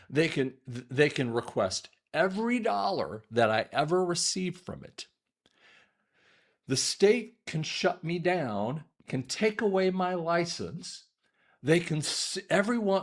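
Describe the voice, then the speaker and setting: A man, an audiologist, giving a rambling monologue commentary to his viewers, often repeating words, restarting sentences and clearing his throat. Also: a little high.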